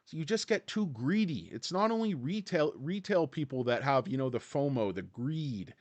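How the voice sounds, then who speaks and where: A man's voice: a little high, lively intonation, moderate pace, hardly any pauses, a little mellow, no echo. A man hosting a casual stock-market livestream, rambling and joking as he talks straight to his chat.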